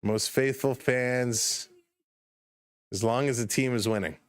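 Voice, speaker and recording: A Toronto man with a Canadian accent hosts a live baseball stream, speaking at medium pitch and a slow pace. He calls the play-by-play casually, chats with viewers and greets them by name, and swings between calm and excited. Up past his bedtime from the late game, he sounds tired.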